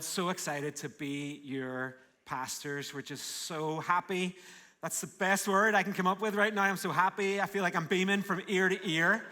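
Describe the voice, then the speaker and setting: Northern Irish male pastor, bright, forceful voice, energetic and jokey from the pulpit. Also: high voice. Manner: warm, joking and energetic. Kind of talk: live sermon. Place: large church auditorium.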